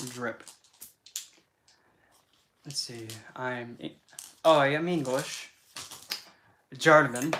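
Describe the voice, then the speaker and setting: A man's voice: medium pitch, sharp tone, a little hiss or hum. A man hosting a casual livestream Q&A, rambling and often restarting his sentences. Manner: rambling, with frequent restarts and asides. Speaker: livestream host.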